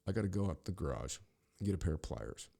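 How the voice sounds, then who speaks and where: A man's voice: deep voice, lively intonation, fast talker, creaky, mellow. A man hosting a podcast, telling a rambling, profane story with frequent restarts. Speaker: podcast host. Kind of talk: casual storytelling monologue.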